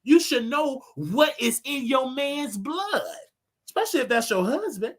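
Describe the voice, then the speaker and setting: A man hosting his own show, ranting and preaching to his audience in a casual, animated way with loud outbursts. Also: extremely high pitch, a little slow. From United States. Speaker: show host. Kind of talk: casual livestream rant.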